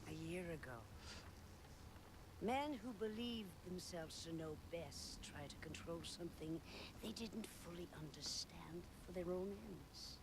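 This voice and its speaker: A woman voicing a calm, cryptic blind oracle who leads beggars, speaking slowly and solemnly in a video game cutscene. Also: lowish voice. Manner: slow, solemn, riddling. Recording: game audio with background noise.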